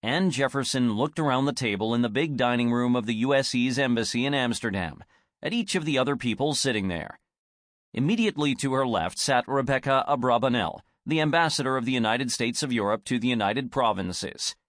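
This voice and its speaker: A man narrating an audiobook in an expressive storytelling manner. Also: medium pitch, brisk, dry recording, studio quality. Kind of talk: scripted narration.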